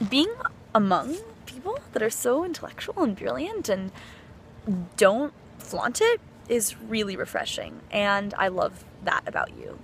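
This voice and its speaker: A bright, fairly high-voiced young woman talks straight into her phone, gushing about a dear friend in a loose, rambling way with lots of "like" and "um". A faint hiss sits under the phone recording. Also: wildly swooping pitch, moderate pace. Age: young adult. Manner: rambling, filler-heavy, effusive. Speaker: friend sending a birthday message. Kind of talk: heartfelt personal video message.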